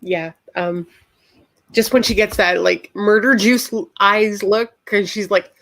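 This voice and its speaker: A woman guest in a casual chat, rambling between thoughts and getting animated when excited. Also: mid-range voice, a little slow.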